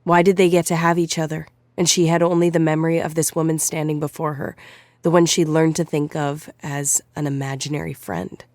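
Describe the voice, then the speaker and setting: A narrator reading a novel in a measured storytelling manner. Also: mid-range voice, level tone, darkish tone, no echo. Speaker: audiobook narrator. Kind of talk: scripted narration.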